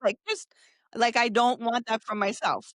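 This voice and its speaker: A woman's voice: on the high side, fairly even intonation, moderate pace, dry recording, studio quality. A woman guest on a podcast, a nervous system specialist, speaking in earnest, flowing explanations. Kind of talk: casual conversational interview.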